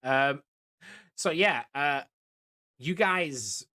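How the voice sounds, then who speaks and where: A man's voice: a little high, expressive, very slow, bright, forceful tone. Man rambling as a first-time game master. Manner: rambling, with many fillers and restarts. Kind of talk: narrating a tabletop game over voice chat.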